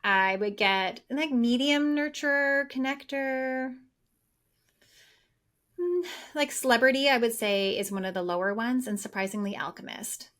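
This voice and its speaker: A woman business coach talking excitedly and at length in a casual podcast conversation. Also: on the high side, a little slow.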